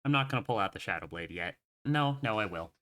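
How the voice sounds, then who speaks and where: A man's voice: on the low side, lively intonation, fast talker, bright, forceful tone, slight background noise. A man playing a tabletop game, giggly and wavering over his choices. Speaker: player.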